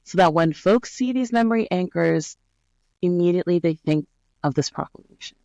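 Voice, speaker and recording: Lively, dry-sounding woman on a video-call interview. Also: fairly low pitch, normal speed, no echo, lo-fi sound. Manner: lively storyteller, often adds "right?". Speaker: guest, brand scientist. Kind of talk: conversational podcast interview.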